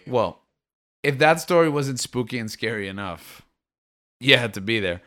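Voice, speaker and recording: A man chatting casually as a podcast co-host, easygoing and quick to chuckle. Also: mid-range voice, expressive, pushed and bright. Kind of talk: casual chat.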